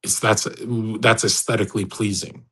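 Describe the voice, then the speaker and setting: A man's voice: lowish voice, level tone, moderate pace, a bit bright, breathy edge, low-quality recording. A man hosting an online audio room, talking in a boastful, provocative and preachy way with lots of restarts. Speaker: host of a live audio chat room. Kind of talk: casual rambling monologue.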